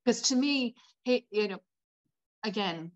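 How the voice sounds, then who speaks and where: A woman's voice: on the high side, lively intonation, a little slow, lo-fi sound. Candid woman in her fifties. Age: 50s. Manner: candid and tearful at times, many 'like' fillers. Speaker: podcast guest. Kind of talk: emotional personal storytelling.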